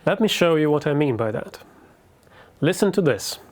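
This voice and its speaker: A university lecturer, a native Russian speaker, giving a scripted lecture in a learned British accent in a measured, explanatory manner. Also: male voice, on the high side, lively intonation. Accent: British English, learned.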